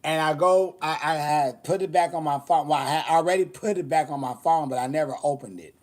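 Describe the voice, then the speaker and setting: A man with a slightly high voice, hosting a loose, chatty show. He tells bawdy stories with sass and theatrical asides, laughing often as he goes. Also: fairly quick, darkish tone. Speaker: host. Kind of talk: casual storytelling chat.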